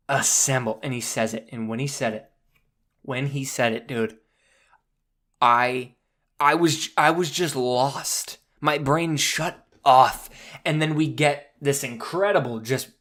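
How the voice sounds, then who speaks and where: A man hosting a podcast, excitedly recapping a movie in casual chat, swearing and saying "dude" a lot. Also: fairly high pitch. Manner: animated, swears freely, says "dude" often. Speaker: podcast host.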